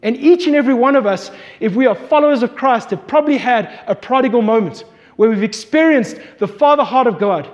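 High-voiced man preaching in a hall. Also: expressive, a little fast, lo-fi sound. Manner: storytelling, acts out voices in quotes. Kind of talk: sermon. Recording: long hall reverb.

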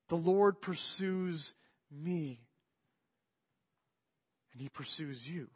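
A man preaching a sermon in an earnest way, moving between soft, quiet passages and emphatic ones. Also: on the high side, extremely slow, pauses often, slightly rough, highs cut off. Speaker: pastor.

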